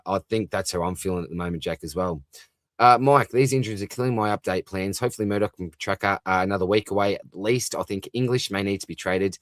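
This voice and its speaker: A young man with an Australian accent talks easily into a close, dry microphone at home. His voice sits on the low side as he answers viewer comments one after another in a relaxed livestream chat. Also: dry recording. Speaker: fantasy football livestream host. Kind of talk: late-night casual livestream chat.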